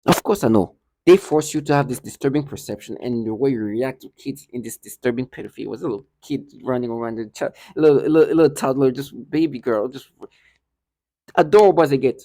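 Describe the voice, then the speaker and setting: A man's voice: medium pitch, normal speed, dark tone, no echo, studio quality. A man ranting indignantly to the camera in a monologue, repeating himself and stumbling over restarts. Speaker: vlogger. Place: indoor building hallway.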